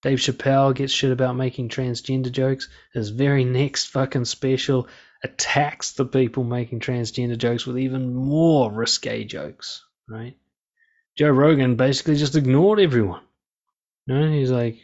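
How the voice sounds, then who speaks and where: A man's voice: mid-range voice, normal speed, a little mellow. Blunt, profane man with a lo-fi sound. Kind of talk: casual commentary monologue.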